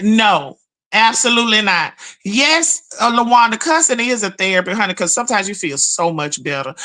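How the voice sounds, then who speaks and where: A woman hosting a casual livestream, telling stories, cussing freely and greeting viewers in chat. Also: medium pitch. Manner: profane, animated storytelling with chat shout-outs. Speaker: livestream host.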